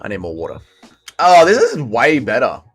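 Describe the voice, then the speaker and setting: A man's voice: mid-range voice, wildly swooping pitch, normal speed, over music. A man, casually chatting and reading chat aloud while livestreaming a fighting game. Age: 30s. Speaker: streamer. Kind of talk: casual livestream gaming commentary.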